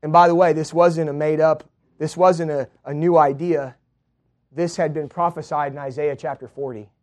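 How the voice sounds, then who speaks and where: A male preacher delivering a sermon, moving from quiet teaching to loud proclaiming. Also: fairly even intonation, moderate pace. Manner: builds from low, quiet teaching to loud, high-pitched proclaiming.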